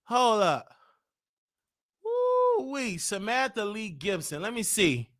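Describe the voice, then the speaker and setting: A man hosting a comedy show, ranting with exaggerated indignation and bursts of shouting. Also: high voice, animated, unhurried.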